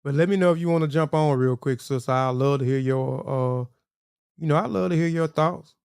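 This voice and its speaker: A man talks loosely to his livestream chat, circling back and repeating himself. His voice is smooth and resonant, with a dry, close sound. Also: a little high, fairly quick, a little mellow, no room sound. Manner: rambling, repeats words, addresses chat viewers. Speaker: livestream host.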